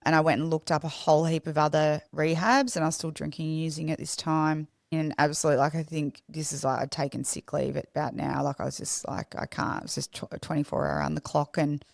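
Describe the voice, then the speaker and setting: A young woman with a low voice tells her story as a podcast guest. She speaks in a raw, confessional way and often stops and restarts. The sound is close and dry. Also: steady tone, quick pace, creaky, few pauses, dry recording. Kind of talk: candid personal storytelling.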